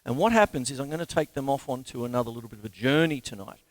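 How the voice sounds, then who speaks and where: A man's voice: mid-range voice, rapid-fire, noisy background. An Australian man teaching drums in a live-streamed lesson, chatty and jokey, counting rhythms and stickings aloud. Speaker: drum teacher. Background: drum kit playing.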